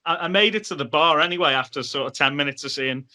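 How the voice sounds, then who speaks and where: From Liverpool, England, this podcast guest talks fast as he shares casual stories. His voice is very bright and a bit high for a man, and he animatedly performs other people's dialogue.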